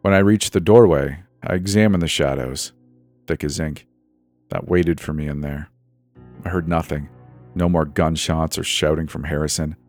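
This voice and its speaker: A man narrating a scripted first-person horror story in a tense, steady way. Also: very deep voice, moderate pace, soft background music.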